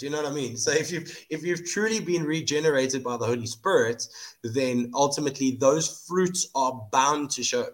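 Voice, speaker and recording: A man's voice: medium pitch, moderate pace. Earnest man hosting a Bible podcast. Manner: earnest, repeats words while gathering thoughts. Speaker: podcast host. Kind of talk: casual Bible discussion.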